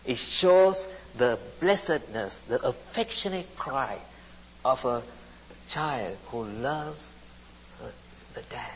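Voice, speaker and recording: Man preaching, slow and emphatic, lively pitch, husky, dull sound with long hall echo. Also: slight background noise. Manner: slow, emphatic, repeating phrases. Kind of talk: sermon. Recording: dull recording in a reverberant hall.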